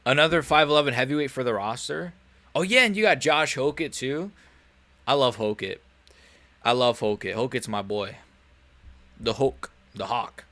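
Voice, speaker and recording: A man's voice: mid-range voice, animated, normal speed, pauses often, pushed and bright, dry recording. A man hosting a live stream, reacting to fights in a rambling, joking way full of slang.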